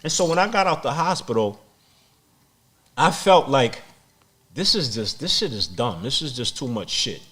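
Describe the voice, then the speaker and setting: A man's voice: medium pitch, normal speed, long pauses. Blunt, profane middle-aged man storyteller. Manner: blunt, profane, repeats words when excited. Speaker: podcast guest. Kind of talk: street storytelling interview.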